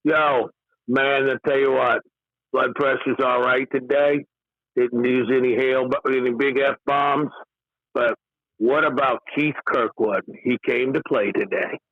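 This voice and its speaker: A man's voice: medium pitch, fairly even intonation, a little slow, dry recording. A male caller on a radio show, easygoing, chuckling and calling everyone brother, heard over a phone line. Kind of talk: phone-in chat.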